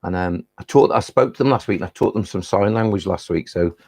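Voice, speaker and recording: A man, a children's poet, chatting casually on a live stream and reading comic rhyming poems, talking in a friendly, rambling way with a creaky, husky voice. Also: low voice, fairly quick, a little mellow. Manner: rambling, friendly asides with many restarts.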